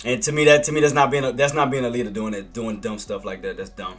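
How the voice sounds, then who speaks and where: Bright-voiced man, self-critical trading streamer. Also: mid-range voice, level tone, fast, faint music behind. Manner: self-critical, repeats himself, talks to chat by name. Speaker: day trader and livestreamer. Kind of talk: live trading commentary with chat.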